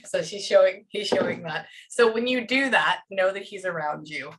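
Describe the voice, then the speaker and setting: A woman working as a psychic medium, relaying messages in a reading, often pausing with "hang on" before carrying on. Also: medium pitch, fairly bright tone. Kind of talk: one-on-one reading session.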